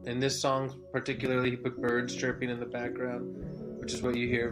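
A man hosting a comedy podcast, doing a mock meditation bit with rambling absurd asides, swinging from loud rants to hushed calm. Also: mid-range voice, brisk. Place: live online event. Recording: music playing under the voice. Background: soft guitar music.

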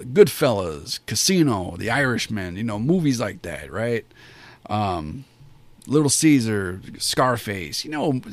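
A man's voice: mid-range voice, dry recording. A man giving a casual spoken review of a wrestling show, rambling and enthusiastic, with many fillers and restarts.

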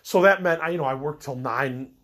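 His voice is a little high and fairly bright, and he talks fairly quickly. He's a middle-aged podcast host with a cold, venting in a rambling personal monologue packed with fillers and restarts.

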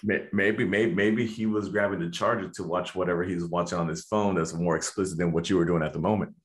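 A man's voice: deep voice, fairly even intonation. A man from the United States in a casual chat, who often stops and restarts his sentences and readily agrees with the other speaker. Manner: halting, restarts a lot, agreeable.

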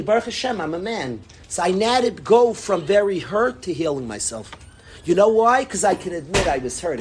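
A man teaching a religious class in an impassioned, emphatic way, repeating his points and swinging between loud and hushed. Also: sits high, a little hiss or hum. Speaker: Torah teacher.

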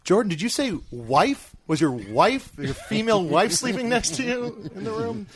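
A man's voice: high voice, lively intonation, moderate pace, a crowd in the background. A man hosting a podcast, rambling and joking in casual chat. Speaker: host.

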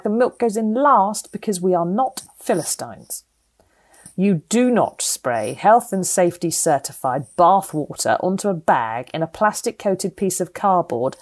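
A middle-aged woman with a British accent reads her own opinion column aloud. Her voice sits a little low, and her delivery is wry, sardonic and firmly opinionated. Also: a little mellow. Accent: British English. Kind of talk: scripted reading of an opinion column.

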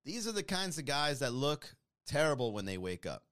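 A man's voice: on the high side, moderate pace. A man hosting a podcast live stream, chatting casually with viewers and reading comments in a joking, mocking way. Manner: animated, joking, mocking with playful put-on voices.

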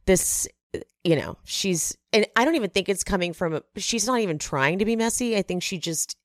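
A woman recaps a reality show in a chatty, unhurried way, tossing in animated asides. Her voice sits a little low. The sound is dry and close, with no room echo. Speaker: recap podcast host.

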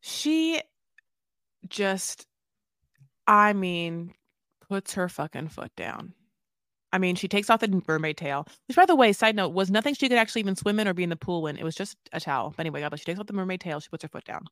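A woman co-hosting a podcast, recapping a reality show in animated, jokey casual chat and swearing freely. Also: lowish voice, fairly quick, dry recording, studio quality. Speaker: podcast co-host.

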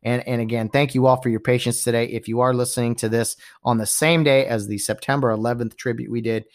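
A man's voice: medium pitch, steady tone, quick pace. A man hosting a podcast, ranting casually about sports and acting out quotes in mock voices and whispers. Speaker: podcast host.

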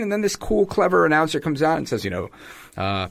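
A man's voice: fairly high pitch, fairly quick, gravelly. Man hosting a political podcast. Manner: animated, mocking impressions of ads. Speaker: podcast host. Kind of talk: political commentary monologue.

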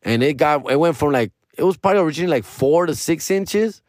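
Male podcast host, casual storyteller with a profane, animated delivery, close dry mic. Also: fairly high pitch, quick pace, no room sound. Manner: profane, animated retelling with quoted dialogue.

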